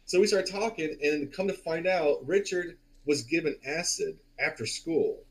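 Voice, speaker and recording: A man's voice: on the high side, measured pace, poor audio. Rambling, profane man telling a story. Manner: loose, profane, rambling with many fillers. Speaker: podcast co-host. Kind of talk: casual storytelling.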